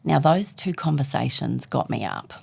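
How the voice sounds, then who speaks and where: A woman's voice: extremely low pitch, lively intonation, normal speed, vocal fry, a little mellow, husky. A woman, a guest author telling a personal story in conversation and acting out the dialogue as she goes.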